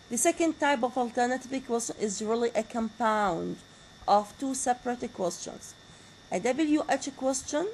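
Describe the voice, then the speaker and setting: A woman's voice: on the high side, a little mellow, slight background noise, low-quality recording. A woman with an Iraqi Arabic accent and Arabic as her first language, giving a university lecture and often asking the class questions and repeating key words. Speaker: teacher.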